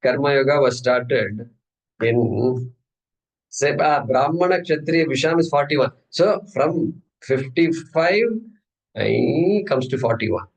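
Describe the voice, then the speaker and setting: A man's voice: mid-range voice, slow pace, vocal fry, low-quality recording. A man teaches an informal scripture class. He talks in a loose, joking way and poses questions to the room before answering them himself. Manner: humorous, conversational, asks and answers his own questions. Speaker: Gita teacher.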